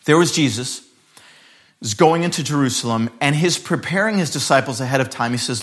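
A man of medium pitch and normal speed preaches a sermon, narrating scripture dramatically while often changing his pace and loudness.

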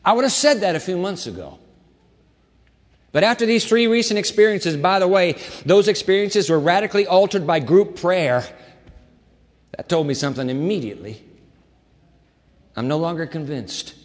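A man preaching a sermon as a pastor, with an animated, dramatic delivery and shifting volume. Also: high voice. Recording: long hall reverb.

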